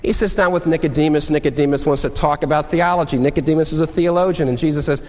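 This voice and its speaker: A male pastor preaching a sermon in an animated, conversational way, acting out quotes. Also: a little high, fast, hardly any pauses. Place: church sanctuary. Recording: long reverb of a large hall.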